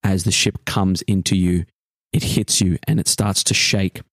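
A man narrating as game master of a tabletop game, describing a dream slowly with pauses. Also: low-pitched, flat delivery, no echo.

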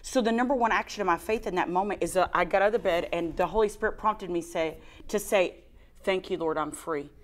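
A woman co-hosts a casual faith program, telling a personal story. She is animated and self-mocking. She does a whiny crying voice when she quotes her past self. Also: medium pitch, fast. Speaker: co-host sharing a testimony. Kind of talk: casual faith talk show.

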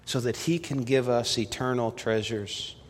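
A man preaching a sermon as pastor, telling stories and swinging from loud emphasis to hushed appeals. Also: mid-range voice, steady tone, unhurried, a little hiss or hum. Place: church sanctuary. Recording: long reverb of a church hall.

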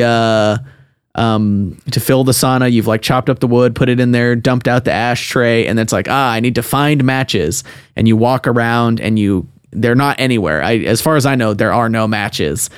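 A man's voice: moderate pace, smooth, no echo. A young man talks loosely about games he has played, filling gaps with "like" and "uh". His voice sits in a middle register. The sound is dry and close. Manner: rambling, many fillers, acts out game lines in a high voice. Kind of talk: casual chat about games.

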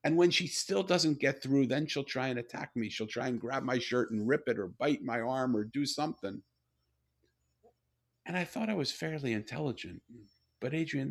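An older man, a guest author, telling a story in a conversation, animated and often repeating and restarting his words. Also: mid-range voice, vocal fry.

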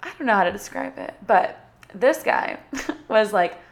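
Young adult woman vlogger, chatty and bubbly, mid pitch, casual storytime delivery. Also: animated, a little slow, gravelly. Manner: chatty, bubbly, filler-heavy with frequent "like".

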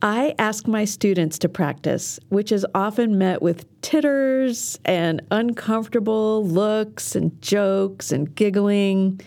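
A woman's voice: medium pitch, expressive, a little slow, gravelly, warm tone. A middle-aged woman hosting a self-defense podcast, delivering an earnest, encouraging scripted monologue.

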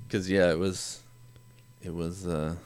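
A man co-hosting a podcast, chatting casually about movies, laid-back, swearing freely and laughing often. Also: deep voice. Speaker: podcast co-host.

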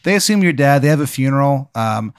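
A man's voice: mid-range voice, clean tone, no room sound. Dry-voiced man spinning absurd hypotheticals. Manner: absurd deadpan scenario-spinning, halting with fillers. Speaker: podcast host posing a hypothetical. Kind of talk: casual improvised storytelling.

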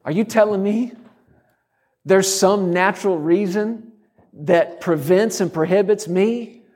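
A man's voice: sits high, a little mellow. A man preaching a sermon, driving his points home through repeated declarations and rhetorical questions.

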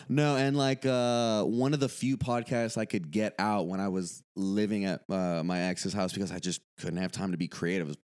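A man's voice: sits low, steady tone, normal speed, darkish tone, clear, resonant tone. A man, hosting a casual podcast chat in a loose, profane, rambling way. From Houston, USA. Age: 20s. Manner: loose, profane, rambling with frequent fillers and laughter. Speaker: podcast host and comedian.

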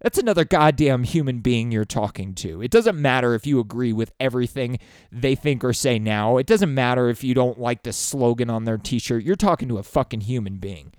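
A man's voice: mid-range voice, expressive, fairly quick, a little mellow, dry recording, studio quality. A man delivering an emotional, pleading political rant full of swearing. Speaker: political commentator.

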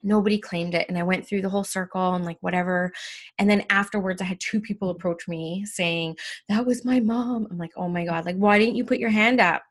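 Animated woman telling stories, podcast co-host. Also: mid-range voice, fairly quick. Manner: animated storyteller who acts out her own quotes. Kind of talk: casual chat.

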